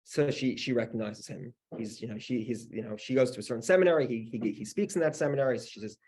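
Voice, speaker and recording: A male rabbi tells a story to his class in a husky voice at a middle pitch. He talks loosely and conversationally, doubling back on his words as he goes. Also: fast talker, darkish tone. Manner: conversational, with many restarts and "you know". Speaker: rabbi teaching a weekly class. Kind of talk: storytelling lesson.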